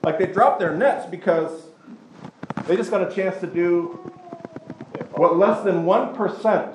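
Animated high-voiced man teaching in an echoey room. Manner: animated, conversational, acts out quick voices of others. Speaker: Bible class teacher. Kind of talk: teaching a Bible class. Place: class room in front of a group. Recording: echoey room with background noise.

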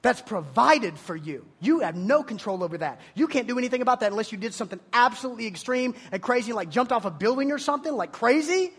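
Husky high-pitched guy preaching to students, jokey, does silly voices. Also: quick pace, few pauses. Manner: animated, joking, mimics listeners in mocking voices. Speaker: youth pastor. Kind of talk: energetic youth sermon. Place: room with a live audience of students.

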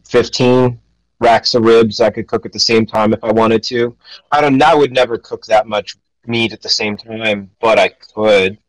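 A man's voice: on the low side, a bit bright, no room sound, rough recording. A man hosting a casual podcast chat, rambling with frequent restarts. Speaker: podcast host.

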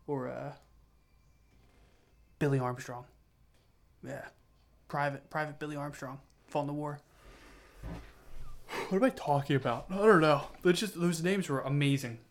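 A man's voice: fairly high pitch, unhurried, pauses often. A young man hosting a solo podcast, rambling through loose tangents with lots of fillers and restarts, tired and self-mocking. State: tired, yawning. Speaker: podcast host.

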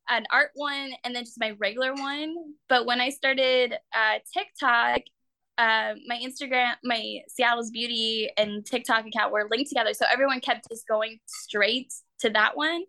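Talk casually as a young woman guest, bright tone, lots of "like", a dry close mic. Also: no echo. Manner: chatty, full of "like" fillers, acts out quotes in high voices. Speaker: guest, actor and artist.

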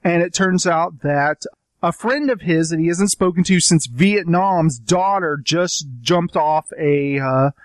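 A man co-hosting a casual movie-review chat, animated and playful, acting out scenes as he talks. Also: fairly high pitch, takes it slowly, dry recording, clean studio sound. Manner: animated, acts out scenes in voices. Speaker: podcast co-host.

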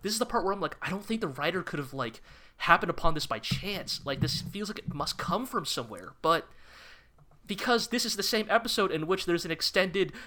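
A man co-hosting a casual podcast, his voice on the higher side and bright with edge. He talks in an animated, impassioned way, tumbling over quick restarts. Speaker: podcast co-host. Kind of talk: casual chat reviewing anime.

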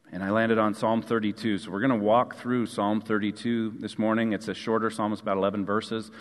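A man preaching a sermon as a pastor, earnest, repeating key phrases and letting line endings fall soft. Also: on the low side, flat delivery, fairly quick, few pauses. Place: church sanctuary. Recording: long hall reverb.

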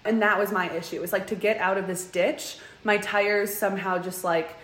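A woman's voice: mid-range voice, moderate pace, echoey room. A young woman guest in a casual interview, telling stories animatedly and saying "like" a lot. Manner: animated, says "like" often, acts out quotes. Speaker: guest, van dweller.

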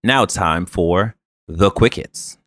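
A man's voice: low-pitched, slow pace, fairly bright tone, dry recording, studio quality. A man co-hosting a casual gaming news podcast, reading headlines and then joking about them in a laid-back way. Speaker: podcast co-host.

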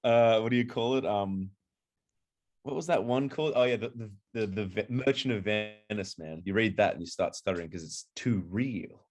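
A man's voice: lowish voice, normal speed, darkish tone. A young man in casual chat who tells a rambling story, laughs often and stalls with repeated fillers.

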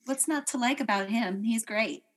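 A woman's voice: fairly high pitch, normal speed. A woman from the United States co-hosting a podcast, chatting casually and laughing often. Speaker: podcast co-host. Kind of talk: casual chat.

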